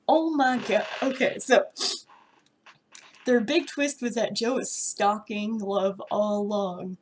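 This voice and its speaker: A woman's voice: fairly high pitch, expressive, takes it slowly. A young woman vlogger ranting about a TV episode, exasperated, sarcastic and full of swearing. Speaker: reaction vlogger. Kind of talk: ranting reaction commentary.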